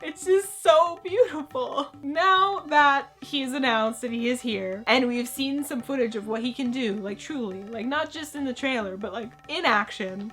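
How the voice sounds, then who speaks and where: A woman chatting excitedly about video games in a casual vlog, jumping between jokes and hype. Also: sits high, measured pace, hardly any pauses, soft background music. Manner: excitable, animated, jokey. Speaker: gaming vlogger.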